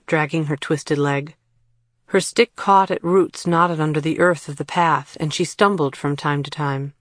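A woman narrating an audiobook in a measured storytelling read. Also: sits low, no echo, clean studio sound. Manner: measured storytelling read, puts on voices for characters.

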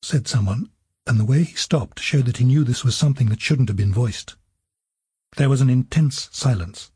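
A man narrating an audiobook in an even storytelling manner. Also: mid-range voice, moderate pace, slightly rough, no room sound.

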